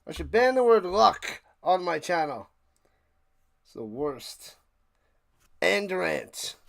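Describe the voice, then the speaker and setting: A man hosting a live football reaction stream, calling the plays between sarcastic rants. His voice sits high with a gravelly fry. He swings from low mutters to sudden loud outbursts. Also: sing-song, slow, no echo, studio quality. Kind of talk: live sports reaction and play-by-play.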